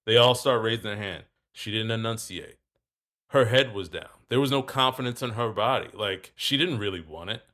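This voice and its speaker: A man telling a story in casual talk, acting out both sides of a conversation. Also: mid-range voice. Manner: animated, acts out both sides of dialogue.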